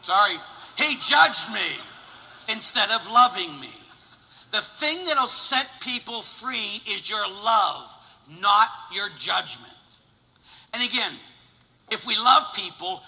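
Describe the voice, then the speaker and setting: A priest in his forties preaching a lively sermon, swinging from loud exclamations to hushed storytelling. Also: high voice, unhurried. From Pittsburgh, USA. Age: 40s. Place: church. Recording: long church reverb.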